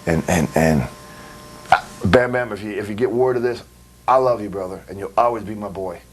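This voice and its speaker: A man's voice: fairly low pitch, fairly quick, slightly rough. A man giving a blunt, rambling interview, swearing freely and laughing between stories. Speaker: interviewee, wrestler. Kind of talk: casual profane interview. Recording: recorded in 2002.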